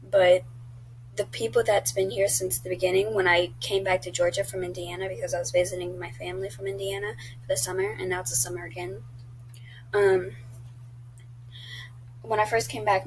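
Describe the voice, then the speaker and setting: Teen girl vlogger, mid-pitched, chatty and blunt, faint background hum. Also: rough recording. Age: teens. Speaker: YouTuber. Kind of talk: casual vlog chat.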